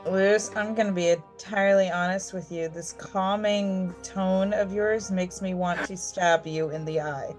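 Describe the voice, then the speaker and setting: A woman's voice: medium pitch, fairly even intonation, measured pace, few pauses, soft background music, lightly acted. A woman playing a sullen, blunt agent. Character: guilt-ridden, prickly female agent.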